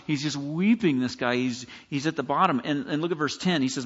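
A man's voice: a little high, a little fast, hardly any pauses, fairly bright tone, breathy edge. A pastor giving a sermon in a conversational, emphatic way, often acting out the words he quotes. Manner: conversational preaching, emphatic, acts out scripture quotes. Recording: dull lo-fi recording with long hall reverb.

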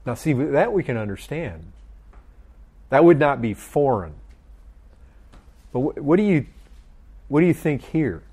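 Slow-talking man leading a Bible study. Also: mid-range voice, sing-song, warm tone, slightly rough. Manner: slow, questioning, repeats phrases.

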